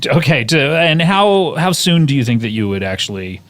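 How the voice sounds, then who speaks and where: A man's voice: fairly high pitch, very animated, moderate pace, fairly bright tone. A man hosting a comedy podcast, playfully moderating the guests like a game show. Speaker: podcast host.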